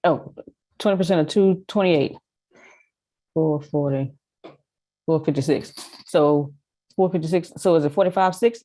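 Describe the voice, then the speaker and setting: A woman on a video call chats in a mellow, husky voice. She is playful, laughs easily and thinks her answers through out loud. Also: deep voice, measured pace, pauses often, rough recording. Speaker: meeting participant. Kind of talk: casual chat.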